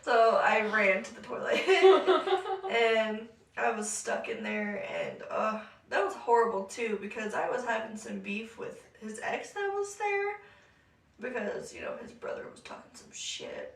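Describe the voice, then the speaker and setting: Animated young woman telling a story. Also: fairly high pitch, measured pace, creaky, distant mic. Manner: animated, laughing often, acts out quotes. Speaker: podcast co-host. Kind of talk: casual storytelling chat. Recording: echoey room, voice off-mic.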